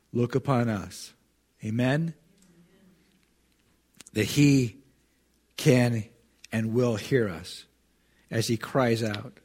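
A man's voice: mid-range voice, breathy edge. A man preaching a sermon, reading scripture with rising force and speaking earnestly with many restarts. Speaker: pastor.

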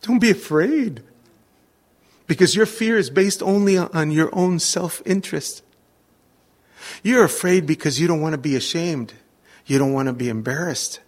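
A middle-aged man preaching a sermon, telling a story with lively acted-out moments and sudden shouts. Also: fairly high pitch, moderate pace. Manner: animated, acts out scenes with sudden shouts. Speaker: pastor.

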